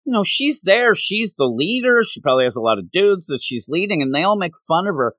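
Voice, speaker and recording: A man in casual chat, recapping a manga and jumping into high voices to quote its characters. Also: fairly quick, no echo. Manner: animated, jumps into high voices quoting characters. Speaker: podcast co-host.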